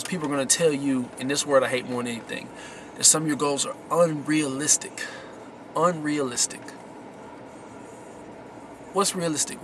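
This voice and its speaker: Bright-voiced man giving pep talk. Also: mid-range voice, a little hiss or hum. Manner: slangy, emphatic, repeats key words. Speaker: vlogger giving success tips. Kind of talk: casual motivational talk to camera.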